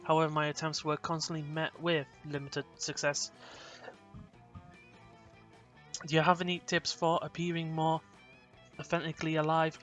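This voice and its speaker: A man's voice: a little high, little pitch movement, brisk, fairly bright tone, faint music behind, lightly acted. A man voicing a stiff, formal machine being. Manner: formal, precise wording. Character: earnest synthetic being wanting to seem alive.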